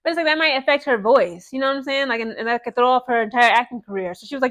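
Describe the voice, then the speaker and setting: A young woman with a slightly high voice giving casual sports commentary to her followers. She talks in an animated, chatty way and keeps checking in with her audience as she goes. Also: very fast. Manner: chatty, animated, frequent "okay?" and "guys" asides.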